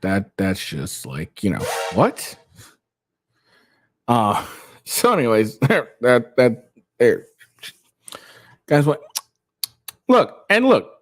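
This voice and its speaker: A young man hosts his own commentary show in a loose, rambling way. He talks in a low voice that swoops up and down, often restarts his sentences and laughs between points. The sound is dry and close. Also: husky, dry recording. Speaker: show host. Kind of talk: casual opinion commentary.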